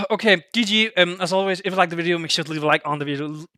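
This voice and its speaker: A man commentating his own game battle, excitable and breaking into shouts and disbelieving laughter. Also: on the high side, quick pace, no room sound, studio quality. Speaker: gaming youtuber.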